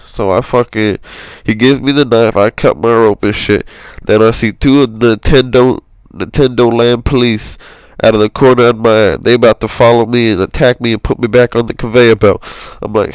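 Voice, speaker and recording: Young man, casual storyteller, lowish smooth voice, slangy and rambling, dry close cheap mic. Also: fairly even intonation, moderate pace, no echo, poor audio. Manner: rambling, slangy, lots of swearing and fillers. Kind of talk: casual improvised comedic storytelling. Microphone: cheap home microphone.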